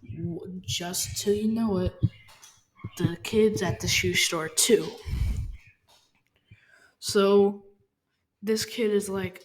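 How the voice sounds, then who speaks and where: A woman casually telling a story, halting and rambling with lots of fillers and restarts. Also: mid-range voice, fairly even intonation. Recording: faint background noise.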